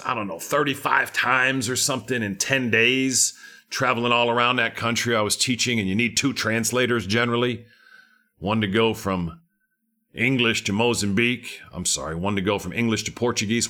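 A man's voice: lowish voice, pushed and bright. A middle-aged man preaching a sermon, fervent and emphatic, with lots of repetition.

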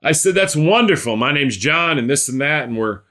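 A man's voice: a little high, lively intonation, moderate pace, pushed and bright. A man preaching a sermon, telling a story and building to emphatic exhortation.

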